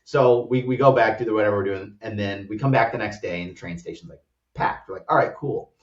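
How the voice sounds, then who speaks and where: American male guest, animated rambling anecdote, mic set back, dull lo-fi sound. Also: lowish voice, fast. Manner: animated, rambling storyteller with many "like" fillers. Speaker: startup co-founder guest. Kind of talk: casual travel storytelling. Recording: roomy, distant, dull-sounding audio.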